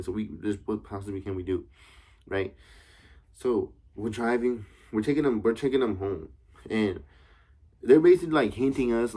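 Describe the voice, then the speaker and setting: A man's voice: fairly low pitch, mellow. A young man telling a casual story time to camera, rambling and slangy with frequent swearing and constant check-ins with his listeners. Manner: slangy, rambling, profane, keeps asking "you know what I'm saying". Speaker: vlogger.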